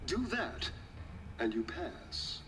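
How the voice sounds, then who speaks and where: A man's voice: a little high, very animated, slow pace, over a noisy crowd. An actor playing a scheming, crude male villain in a video game, talking in a taunting, swaggering way. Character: scheming, mocking villain man, cocky and crude. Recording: game audio with noisy ambience.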